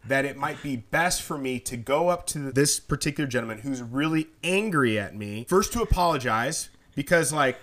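A married man on a podcast telling a story in a relaxed, joking way, acting out the people in it. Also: medium pitch, normal speed, hardly any pauses. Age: adult, married. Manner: animated storyteller, jokey, acts out quotes. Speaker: podcast co-host. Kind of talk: casual chat, storytelling.

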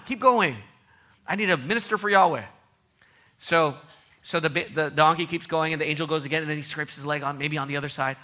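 A man preaching a sermon with emphatic repetition, his voice swinging from loud outbursts to soft low passages. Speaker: pastor.

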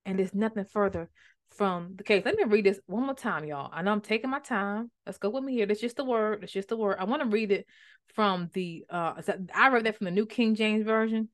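A woman teaching the Bible on a podcast, animated and conversational, repeating words for emphasis. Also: medium pitch, fairly quick.

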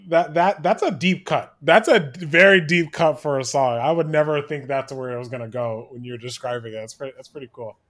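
A man's voice: a little high, fairly even intonation, brisk, hardly any pauses, a bit bright. A man co-hosting a podcast, musing thoughtfully in casual chat with hesitant restarts. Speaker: podcast co-host.

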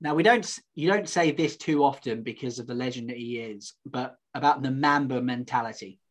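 A man's voice: medium pitch, normal speed. A man co-hosting a casual sports podcast, easygoing and often laughing. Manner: easygoing, laughs often, says "mate" a lot. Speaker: podcast co-host.

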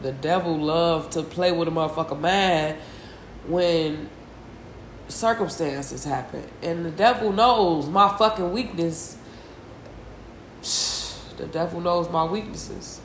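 A distressed, tearful woman hosting a solo confessional podcast, venting slowly and heavily with sighs and a lot of swearing. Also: lowish voice, echoey room, slight background noise. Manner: slow, heavy, profane venting with sighs. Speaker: podcast host.

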